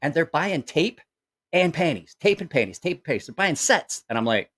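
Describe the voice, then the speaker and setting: Animated, swearing middle-aged man. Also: a little high, moderate pace. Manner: profane, animated, acts out quoted voices; rambling with self-corrections. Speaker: channel host. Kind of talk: casual storytelling.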